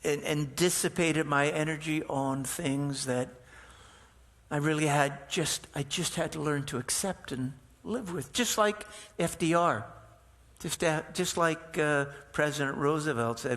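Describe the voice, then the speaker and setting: A man, likely a rabbi, giving a slow, reflective sermon that mixes a parable with personal asides and halting restarts. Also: a little high, a bit bright. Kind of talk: sermon with storytelling. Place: synagogue sanctuary.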